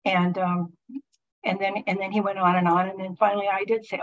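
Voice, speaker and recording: A middle-aged woman sharing a personal faith testimony with a group, talking haltingly with many restarts and fillers. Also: medium pitch, little pitch movement. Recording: muffled lo-fi recording.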